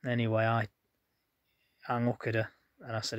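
A man's voice: medium pitch, little pitch movement, normal speed, pauses often, dry recording, studio quality. A man telling a rambling personal story straight to his viewers in a chatty, plain-spoken way. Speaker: vlogger. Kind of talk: casual storytelling to camera.

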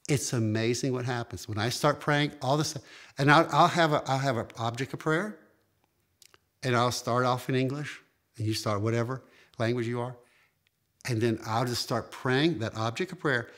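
Male pastor preaching, mid-pitched voice, emphatic with sudden high jumps and drawn-out phrases. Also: a bit bright. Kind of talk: sermon.

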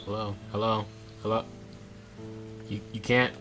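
Young male streamer, low voice, casual self-talk over faint game music. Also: little pitch movement, a little slow. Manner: chatty, self-talking, reads in-game notes aloud. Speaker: gameplay streamer. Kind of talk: casual let's play commentary, reading game text aloud.

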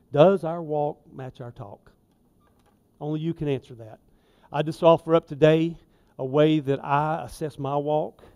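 A man preaching a sermon in a church, folksy and conversational, with emphatic asides and swings in loudness. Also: fairly high pitch. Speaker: lay preacher. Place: church sanctuary.

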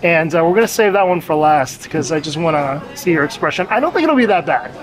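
A man's voice: fairly high pitch, lively intonation, fast talker. A man acting as the local guide on a food tour, casually explaining dishes at a restaurant table.

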